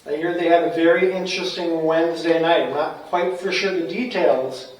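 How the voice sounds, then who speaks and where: Guy paranormal investigating, hushed questions, big echo, mic far off. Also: fairly high pitch, fairly even intonation, normal speed. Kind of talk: ghost hunt, asking out loud. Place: large old house at night, indoors. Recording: very echoey, distant.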